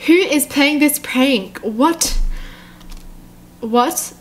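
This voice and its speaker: A young woman gives horror game reaction commentary, excitable and jumpy, breaking into nervous laughter. Her voice is high and bright in pitch. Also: extremely slow. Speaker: channel host.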